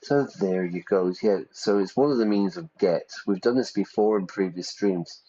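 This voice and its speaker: Male streamer-teacher, low voice, chatty check-ins, slightly muffled lo-fi recording. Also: moderate pace, warm tone. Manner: chatty, checks in with frequent "yeah?". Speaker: English teacher streaming a game. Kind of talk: casual teaching while gaming.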